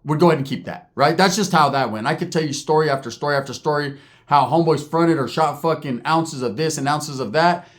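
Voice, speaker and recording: A man telling prison stories in casual, profane slang, dropping in Spanish words and acting out other people's lines. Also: on the high side. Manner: acts out other people's lines in quick voices. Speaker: storyteller recounting prison life. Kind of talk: casual storytelling.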